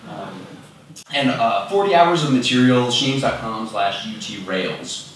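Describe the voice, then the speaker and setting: Speaking at an unhurried pace, the young presenter keeps his talk casual and self-mocking, with plenty of fillers. His mid-range voice has lively intonation and a slight brightness. Because he roams from the fixed mic in the large conference room, he is picked up from a distance, roomy and sometimes off-mic, with slight background noise.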